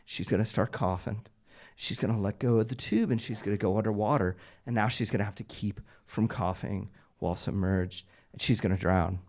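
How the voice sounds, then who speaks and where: A man's voice: on the low side, fairly quick, a little mellow. A man telling a personal story at a live storytelling night, conversational and wry, with a humorous edge. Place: small live event stage.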